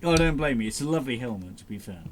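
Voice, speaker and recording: A man co-hosting a podcast in casual chat, rambling through animated stories with plenty of swearing. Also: medium pitch, racing, a little hiss or hum. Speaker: podcast co-host.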